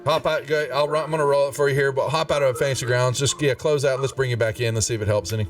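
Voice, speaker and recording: A man's voice: medium pitch, fairly even intonation, recorded from a distance, faint music behind. Chatty man running a tabletop game. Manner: chatty, laughs often, halting with fillers and restarts. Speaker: game master.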